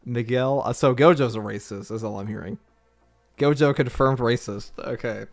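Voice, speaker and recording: A man's voice: mid-range voice, normal speed. A young man streaming his reactions, swearing often, laughing in disbelief and stumbling through slangy restarts.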